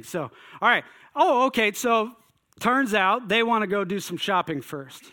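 A man telling a personal story in an animated way, acting out his own thoughts with exclamations. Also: high voice, moderate pace.

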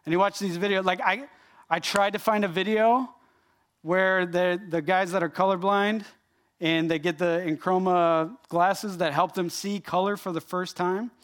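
A man preaching a sermon, animated and emphatic, speaking directly to his congregation. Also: sits high, moderate pace. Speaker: pastor.

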